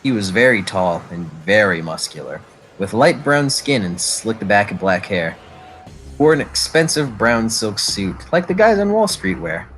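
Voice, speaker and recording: A man narrating a tabletop role-play game as its game master, describing scenes with fillers and quick self-corrections. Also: fairly low pitch, big pitch swings, fairly bright tone, rough recording. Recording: faint background music.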